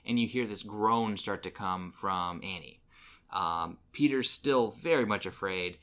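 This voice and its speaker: A man's voice: lowish voice, measured pace, a bit bright. A man co-hosting a podcast, casually retelling a horror movie scene with lots of ums and restarts. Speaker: podcast co-host. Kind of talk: casual movie recap chat.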